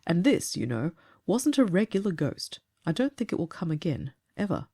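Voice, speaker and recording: A woman voicing a calm, earnest grown man who tells of catching a ghost, in a storybook reading. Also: on the low side, slightly rough, heavily acted. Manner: measured, earnest, slightly aggrieved.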